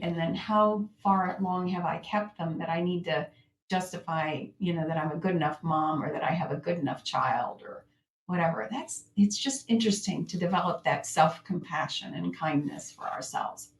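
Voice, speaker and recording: A woman teaching self-help in a gentle, reflective way, sometimes acting out her own inner thoughts. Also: lowish voice. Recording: echoey room, voice off-mic.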